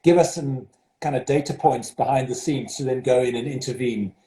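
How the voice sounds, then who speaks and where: Man, South African accent, headmaster, hesitant with fillers, warm dark tone, roomy echo. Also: medium pitch, a little fast. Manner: hesitant, many fillers and restarts. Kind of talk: interview over video call.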